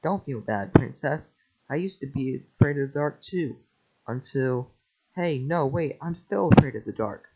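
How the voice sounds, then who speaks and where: A man voicing a gruff, awkward male ogre, hesitant and stumbling over his words in a casual reading. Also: mid-range voice, lively intonation, normal speed, dark tone. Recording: lo-fi home mic.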